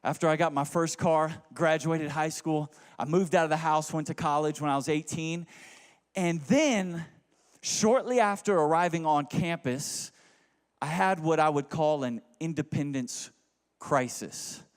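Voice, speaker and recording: A young man from Houston preaching a sermon, telling a joking, animated story that swings between loud bits and low asides. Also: measured pace, clear, resonant tone. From Houston, Texas. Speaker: pastor. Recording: long reverb of a large hall.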